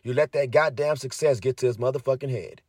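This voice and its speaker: A man's voice: mid-range voice, brisk, a little mellow, slightly rough, dry recording, clean studio sound. A young man ranting heatedly to his viewers, cursing heavily and repeating himself as he gets worked up. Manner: heavy cursing, fired up, repetitive. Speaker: commentator. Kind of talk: heated casual rant to viewers.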